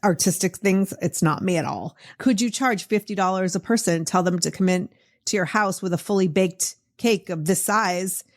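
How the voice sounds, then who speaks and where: A middle-aged woman with a Boston accent hosts a podcast, chatting casually and encouragingly in a casual interview, with plenty of fillers. Her voice is on the low side, and she talks at a normal speed.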